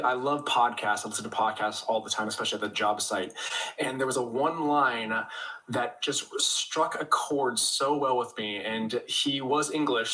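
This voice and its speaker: A man's voice: medium pitch, sharp tone, distant mic, low-quality recording. A man answering as a guest on a livestream interview, earnest and motivational. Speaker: guest creator.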